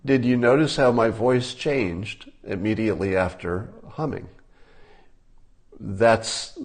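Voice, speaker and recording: An older man talking casually, giving relaxed conversational advice and demonstrating tips as he goes. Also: lowish voice.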